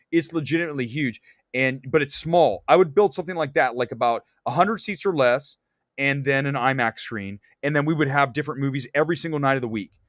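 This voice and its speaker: A man hosting a casual movie talk show, ranting with animated enthusiasm and some swearing. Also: medium pitch, dry recording, clean studio sound. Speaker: show host. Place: Los Angeles area.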